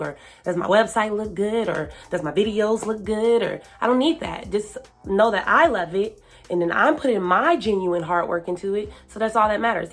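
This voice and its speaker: A woman giving casual self-help advice to camera, chatty and full of fillers. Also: mid-range voice. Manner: chatty, lots of fillers, hypes herself up.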